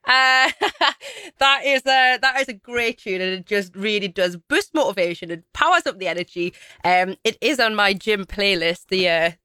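A woman's voice: mid-range voice, moderate pace, bright, forceful tone, smooth, no room sound. A woman presenting a radio show, bubbly and a little out of breath, laughing at her own slips. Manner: bubbly, laughing, self-correcting. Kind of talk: chatty radio show link. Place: radio studio. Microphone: studio mic.

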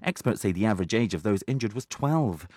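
A man reads a radio news bulletin in a brisk, formal way. His voice sits fairly low. The studio sound is very dry and close, with no room echo. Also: lively intonation, a little mellow, breathy edge. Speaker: newsreader.

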